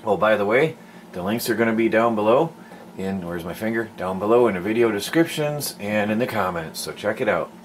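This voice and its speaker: A man's voice: lowish voice, expressive, fairly quick, slight background noise. A man vlogging from his snowy homestead, chatting in a rambling, casual way and sometimes out of breath from the cold and hauling firewood. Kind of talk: casual vlog narration. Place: outdoors in snow at a homestead. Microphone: handheld camera mic.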